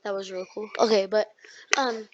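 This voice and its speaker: A young podcast co-host telling a rambling school story in casual chat, full of likes and ums. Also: female voice, mid-range voice, fairly even intonation, normal speed. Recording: dull lo-fi sound.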